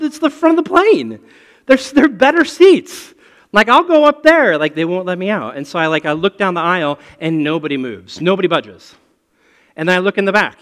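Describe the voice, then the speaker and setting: A man preaching a sermon and telling a personal story in an animated way. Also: fairly high pitch. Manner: animated, storytelling with rising excitement. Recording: long hall reverb.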